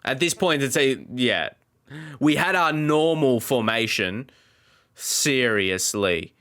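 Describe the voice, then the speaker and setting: Male gamer, unhurried let's play commentary, exasperated, very lively pitch. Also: smooth. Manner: exasperated, talks to the game. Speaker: gaming YouTuber.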